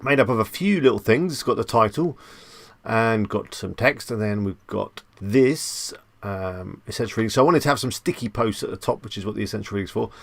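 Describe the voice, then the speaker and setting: A man's voice: fairly low pitch, vocal fry, dry recording. A man hosting a casual live stream, chatting loosely as he reads out viewer comments and answers them, with jokey, self-amused asides.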